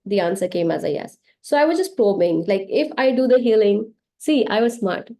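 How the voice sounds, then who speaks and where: A woman's voice: medium pitch, animated, normal speed, few pauses, warm tone. A woman with an Indian English accent, chatting and telling stories as she hosts a live online meditation session, with laughs and restarts. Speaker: meditation session host and healer. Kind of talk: casual spiritual teaching on a live online session.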